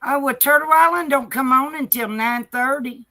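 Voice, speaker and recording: A woman's voice: high-pitched, moderate pace, sharp tone. A woman hosting a casual livestream from home, folksy and affectionate as she talks to her chat and her dogs. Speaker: livestream host.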